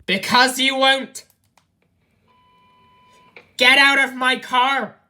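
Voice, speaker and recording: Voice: sits high, level tone, extremely slow, sharp tone, exaggerated voice. A text-to-speech voice voicing a furious taxi driver in a cartoon, screaming the same order again and again. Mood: furious yelling. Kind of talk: cartoon animation voice.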